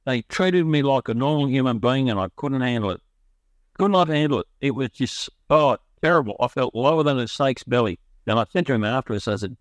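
Speaking animated and fairly quick in a mid-range voice, a middle-aged recovery speaker with an Australian accent earnestly rambles through his personal story, frequently restarting his sentences. The recording is dry.

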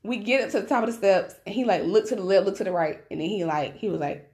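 A woman podcast host telling a story in casual chat, animated and profane, acting out each voice; she says her voice naturally carries. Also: medium pitch, quick pace. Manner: animated, profane, acts out every voice in her stories.

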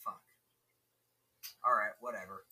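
A man's voice: on the low side, fairly even intonation, a little slow, bright, forceful tone, far from the mic, low-quality recording. A male podcast co-host in casual, profane, jokey movie-review chat. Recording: voice slightly off-mic.

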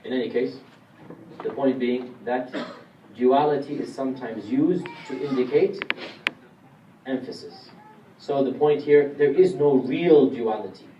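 A man's voice: mid-range voice, measured pace, long pauses, lo-fi sound, background noise. A man giving a classroom lecture on Quran commentary, explaining step by step and putting questions to his audience. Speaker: Islamic lecturer. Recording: roomy distant room recording, faint ambience.

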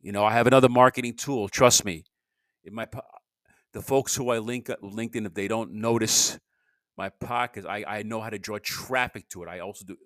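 A man's voice: lowish voice, a little fast, fairly bright tone, no room sound. A man hosting his own solo podcast, rambling in a loose monologue, restarting sentences and grumbling in asides. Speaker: podcast host.

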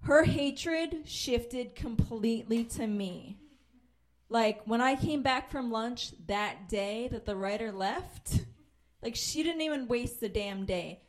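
A woman's voice: on the high side, slow pace. A woman comedian in her thirties from Pennsylvania, telling a story with lots of swearing and acting out the voices of the people in it. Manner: animated, acts out quoted voices, swears freely.

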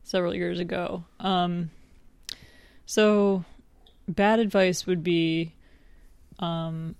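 A woman's voice: fairly low pitch, steady tone, drawn-out words, darkish tone, clear, resonant tone, no room sound. A young adult woman co-hosting a podcast, chatting casually and playfully, often breaking into laughter. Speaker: podcast co-host. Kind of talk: casual chat.

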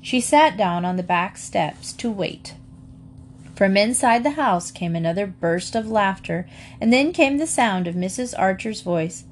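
A woman narrating a children's chapter book in a clear, steady storytelling voice. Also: mid-range voice, a little slow. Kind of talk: storybook read-aloud.

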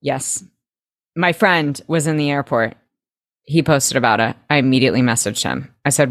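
A young woman co-hosting a podcast, chatting in a laid-back way and telling quick anecdotes with casual swearing. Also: rumbling low, dry recording, clean studio sound. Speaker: podcast co-host. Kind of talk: casual chat.

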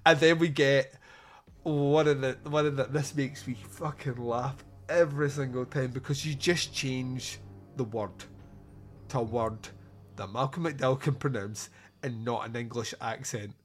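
A man's voice: medium pitch, steady tone, measured pace, soft background music. A man hosting a podcast, reviewing a film in casual comic chat, laughing often and swearing as he acts out scenes.

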